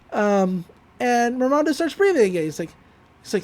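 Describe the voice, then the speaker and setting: Casual podcast co-host, chatty and loose, recapping plot with fillers and quick laughs. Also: medium pitch, very animated, a little mellow. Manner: rambling, quotes characters with "he's like"; frequent fillers, laughs while recounting. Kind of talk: casual chat.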